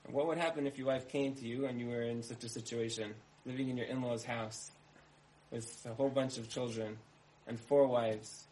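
A man's voice: mid-range voice, fairly even intonation, moderate pace, darkish tone, slight background noise, low-quality recording. Conversational man telling parables. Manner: conversational, uses repetition and asks listeners questions. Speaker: speaker. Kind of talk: storytelling talk with parables.

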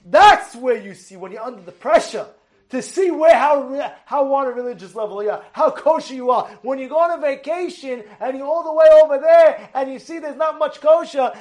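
A man giving an animated sermon as a rabbi, acting out shouts and quotes with many restarts. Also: very high-pitched, brisk. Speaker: rabbi giving a weekly Torah talk.

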